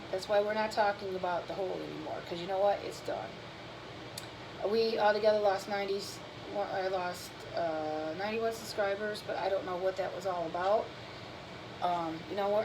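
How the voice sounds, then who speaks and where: There's background noise as a woman with a medium-pitched voice chats with viewers of her own cooking channel. Worn out and yawning, she talks casually, candidly, and at length about fitness and her emotions.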